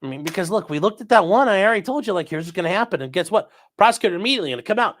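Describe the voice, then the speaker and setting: Rapid-fire and animated, this man's high, fairly bright voice carries a casual livestream where he reads chat aloud. He's blunt and sarcastic, dropping profane asides as he goes.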